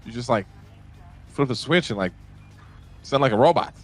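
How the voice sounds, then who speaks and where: A man on a phone call in a role-play, talking in a quick, easygoing, teasing way. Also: mid-range voice, lively intonation, faint music behind.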